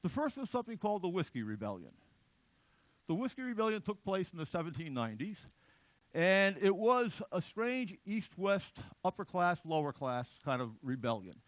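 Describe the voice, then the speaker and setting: Male lecturer with a lively, somewhat high voice, digressive and restarting often, dry close sound. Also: moderate pace, dry recording. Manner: animated, digressive, frequent restarts. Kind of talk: unscripted lecture.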